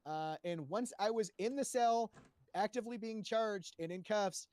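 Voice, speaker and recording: Guy rambling thru a roleplay story for a panel, lots of uh's and swearing, kinda high voice, dry sound. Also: normal speed, a little mellow, no room sound. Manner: rambling, profane, full of fillers and restarts. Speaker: roleplay player giving testimony to a panel. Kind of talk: casual spoken retelling of roleplay events.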